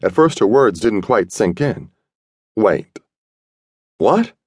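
A man narrating a first-person audiobook in a streetwise, slangy, gruff manner. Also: on the low side, expressive, moderate pace, dry recording, studio quality.

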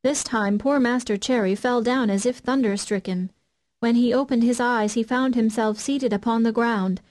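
A woman narrating an unabridged classic children's audiobook, gently addressing young readers. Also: a little high, fairly even intonation, normal speed. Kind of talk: scripted storybook narration.

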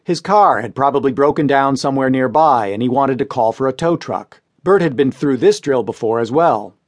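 A man reading crime stories as an audiobook narrator, in steady, measured scripted narration. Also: mid-range voice, dry recording.

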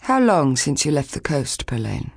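A woman voicing a stern, commanding old village woman who speaks firmly and calmly. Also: extremely low pitch, normal speed, vocal fry, no room sound, studio quality, heavily acted. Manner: firm, commanding.

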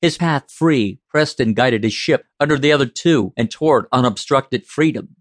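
A man narrating a science fiction audiobook in a steady, measured reading. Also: mid-range voice, no room sound, studio quality.

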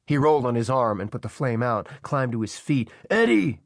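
A male audiobook narrator with a mid-pitched voice telling a thriller in a tense, dramatic read. The sound is dry and close, with no room around him. He keeps a steady, gripping pull through the action. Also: brisk, dry recording. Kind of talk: scripted narration. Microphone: close studio mic.

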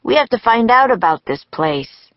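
A woman's voice: on the high side, sing-song, moderate pace, no echo, muffled recording, pitched above the performer's own voice. A woman voicing a cautious, bookish young boy in a storybook, speaking in a careful, insistent way.

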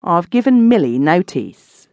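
A woman's voice: on the low side, sing-song, measured pace, darkish tone, no echo, lo-fi sound, voice pushed up. Woman reading as sly scheming housekeeper. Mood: respectful. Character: scheming middle-aged female housekeeper, dry and bold. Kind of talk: audiobook reading.

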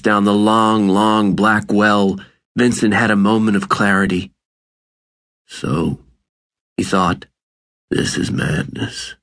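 A man narrating an audiobook in a measured, deliberate reading. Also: fairly low pitch. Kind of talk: scripted narration.

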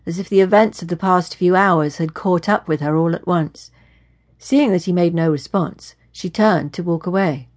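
Female audiobook narrator, lowish voice, measured and steady. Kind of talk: scripted narration.

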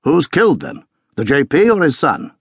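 A man voicing a hearty older country colonel who talks in a brisk, genial, matter-of-fact way. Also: a little high, huge pitch swings, vocal fry, husky, no room sound, clean studio sound, voice pushed up, heavily acted.

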